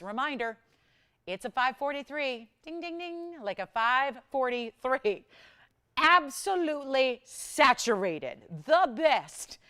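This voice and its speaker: A woman hosting a live shopping channel, chatty and animated as she pitches jewelry and prices. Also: clean tone. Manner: animated, chatty, sells with rapid price talk. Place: television studio.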